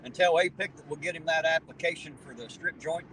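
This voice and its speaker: A man's voice: fairly high pitch, fairly quick, a bit bright, rough recording. A man hosting a live stream from inside a car, talking in a blunt, profane, folksy way. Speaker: livestream host. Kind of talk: casual chat on a live stream.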